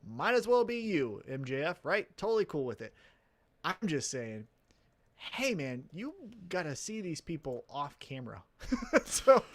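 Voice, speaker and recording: Podcast co-host, male, higher voice, swings up and down a lot, swears and laughs. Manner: animated, swears freely, laughs often. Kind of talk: casual wrestling chat.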